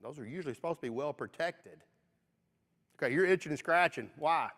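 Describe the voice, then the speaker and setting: A man's voice: fairly high pitch, expressive, fairly quick, fairly bright tone. West Kentucky man teaching a Bible class. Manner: conversational, frequent "okay?" check-ins. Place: church auditorium. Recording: long reverb of a church auditorium.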